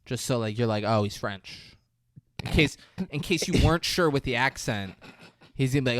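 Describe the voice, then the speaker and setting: Animated man recapping a movie. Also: medium pitch, no echo. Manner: animated, crude, acts out scenes in quick mimicry. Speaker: podcast co-host. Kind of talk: casual chat recapping a movie.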